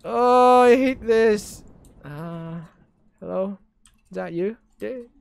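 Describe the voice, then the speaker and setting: A young Filipino woman with a hoarse voice, loudly reacting and swearing as she plays a horror game live, mixing Tagalog into her English. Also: medium pitch, takes it slowly, no echo. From Philippines. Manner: loud, jumpy, swears often, mixes Tagalog into English. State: hoarse from shouting. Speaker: streamer.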